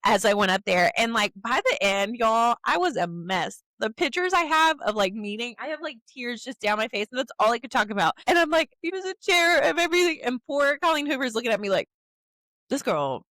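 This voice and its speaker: Brief: young woman, podcast co-host, lively storyteller who voices the people she quotes, dry close sound. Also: a little high, brisk, hardly any pauses, no echo. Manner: animated storyteller, acts out quotes in changed voices. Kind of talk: casual chat.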